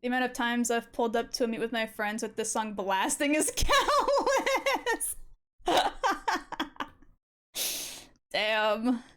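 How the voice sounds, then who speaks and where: A woman's voice: on the high side, quick pace, few pauses, smooth. A woman streaming as she draws, chatting casually with her viewers, reacting to their messages and laughing often. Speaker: art streamer. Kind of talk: casual live-stream chat.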